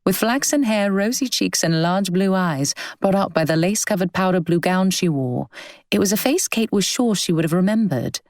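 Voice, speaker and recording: A woman narrating a novel as an audiobook in an even, measured storytelling manner. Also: on the low side, no room sound.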